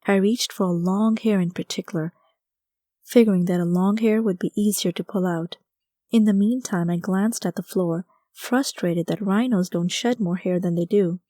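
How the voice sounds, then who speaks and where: Woman, audiobook narrator, first-person story, wry conversational delivery, mellow tone, dry close recording. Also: medium pitch, no echo.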